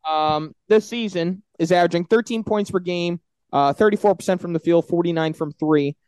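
A man's voice: sits high, normal speed, a little mellow, smooth, dry recording. A man co-hosting a sports podcast, talking stats and trades in loose, profane banter. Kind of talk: casual sports chat.

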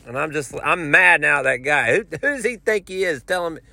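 A man with a drawl rambles through an animated story, tripping over restarts as he goes. His voice is bright and a little tense, set slightly high for a man. It is recorded dry and close, with no room sound. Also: a little fast, creaky, no room sound. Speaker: podcast host. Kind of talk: casual storytelling.

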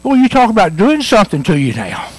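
A man preaching an earnest sermon, pressing his points again and again. His voice sits high and swings widely in pitch. The sound is dry and close, with little room echo. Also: huge pitch swings, fast, darkish tone. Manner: earnest, repetitive emphatic preaching with storytelling. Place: church.

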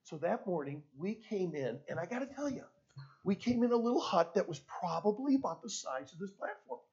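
A male preacher telling a story in a sermon to teenagers, swinging between hushed and loud, on a dull lo-fi recording. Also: high-pitched, sing-song, fairly quick, slightly rough.

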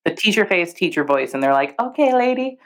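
In casual podcast chat, a young adult woman co-host spins animated stories, laughing often and voicing the people she quotes. Her voice sits low and she speaks fast.

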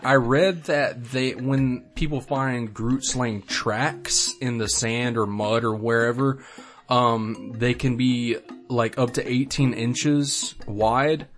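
A man's voice: medium pitch, steady tone, takes it slowly, fairly bright tone. A young man from Florida, co-hosting a podcast in casual chat, rambling with laughs and crude asides. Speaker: podcast co-host.

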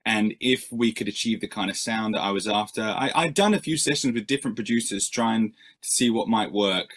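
A man's voice: lowish voice, a little fast, fairly bright tone. A male musician answering interview questions in a rambling, self-deprecating way, with many fillers and restarts.

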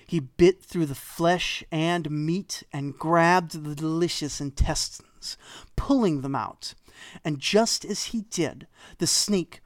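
Storyteller, wry dry humor, middle pitch, dead dry close recording, conversational myth narration. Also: no echo.

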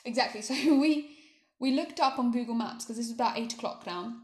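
A young woman with an English accent telling a travel story in casual chat, animated and fond of saying "literally.". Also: a little high, fairly quick. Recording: roomy echo.

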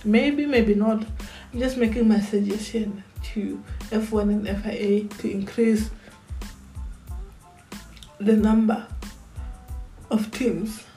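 A woman's voice: mid-range voice, steady tone, slow, long pauses, dark tone, soft background music, poor audio. A woman giving casual fan commentary on a vlog, chatty, repeating words as she talks things over. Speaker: Formula One fan vlogger.

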